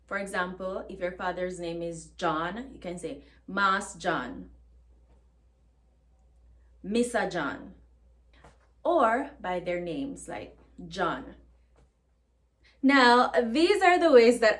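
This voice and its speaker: A woman with a Jamaican accent, from Jamaica, teaching a language lesson in a warm and clear way. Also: mid-range voice.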